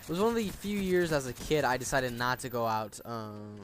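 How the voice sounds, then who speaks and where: A man's voice: mid-range voice, very animated, fairly quick, a crowd in the background. A young man in his late teens tells stories during casual gameplay commentary. He rambles, swears a lot and often restarts his sentences. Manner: rambling, profane ranting with many restarts. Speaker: gaming channel host.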